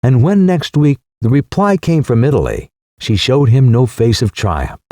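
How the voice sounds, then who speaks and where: A man narrating a classic novel as an audiobook in a measured, expressive way. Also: medium pitch, no room sound, clean studio sound. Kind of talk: scripted narration.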